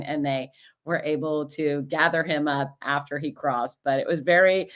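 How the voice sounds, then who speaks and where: Female host with a low voice, chatty and lively, acts out the people in her stories. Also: normal speed. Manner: animated, acts out quoted voices. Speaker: podcast host and race announcer. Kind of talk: casual storytelling recap.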